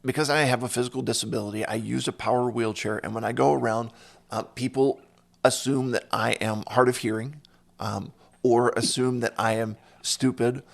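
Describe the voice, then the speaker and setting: A man hosts a relaxed podcast chat, his voice carrying a steady gravelly fry. He talks at a middle pitch and tells personal stories, voicing the people in them. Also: moderate pace. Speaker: podcast host. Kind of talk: casual conversation.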